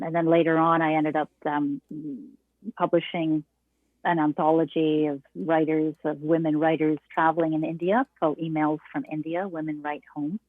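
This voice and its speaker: A woman's voice: low voice, no room sound. An older woman, a guest songwriter and author, talking reflectively in a rambling way with many restarts. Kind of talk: casual interview chat. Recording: dry, tinny phone-like line.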